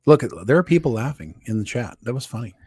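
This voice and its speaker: Man, podcast co-host, heated and laughing, animated pitch, dry close mic. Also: fast talker, slightly rough, dry recording. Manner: laughing often, emphatic and heated. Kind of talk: casual political commentary.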